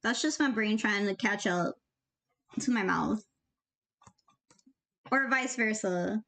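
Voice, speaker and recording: A woman's voice: mid-range voice, slow, gravelly, a bit bright. A young woman and animator chatting casually as she works, rambling and joking while handing out offhand tips. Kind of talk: casual commentary while working.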